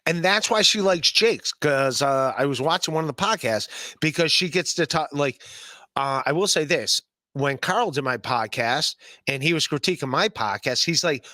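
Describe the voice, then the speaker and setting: A man's voice: a little high, sharp tone, no room sound. A man hosting a podcast, talking in a rambling, stammering, blunt and profane way. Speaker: podcast host. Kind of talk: casual podcast chat.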